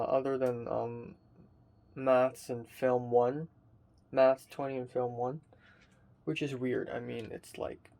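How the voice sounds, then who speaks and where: A sleepy, tired young man, a college student, rambling in a halting casual video diary with frequent fillers and swearing, filmed by himself in his bedroom. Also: mid-range voice, mellow. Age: young adult. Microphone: self-filmed camera.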